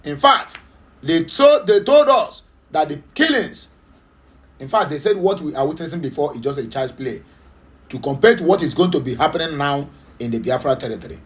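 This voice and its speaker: A political talk show host, a man with a Nigerian accent, delivers impassioned commentary in a high-leaning voice with lively intonation at a moderate pace. He's emphatic and repetitive, using lots of fillers and rhetorical questions.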